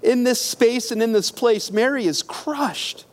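High-voiced man preaching a sermon. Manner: storytelling retelling of scripture with pauses, restarts and hushed quiet passages.

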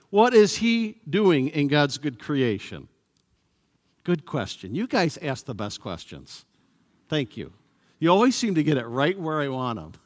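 A man preaching a sermon as pastor, slow and emphatic, sometimes acting out sarcastic voices. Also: fairly high pitch. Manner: animated, acts out sarcastic voices; slow, emphatic delivery with pauses. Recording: long hall reverb.

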